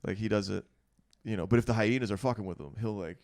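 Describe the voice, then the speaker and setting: A man hosting a podcast, talking in a relaxed, reflective way and swearing casually. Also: on the low side, fast talker, vocal fry, dry recording, studio quality. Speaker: podcast host. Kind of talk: casual interview.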